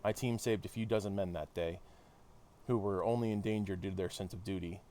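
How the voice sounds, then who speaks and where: A man reading a steadfast male soldier hero's mission account in his own low voice. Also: steady tone, a little fast, warm tone, a little hiss or hum, lightly acted. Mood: earnest.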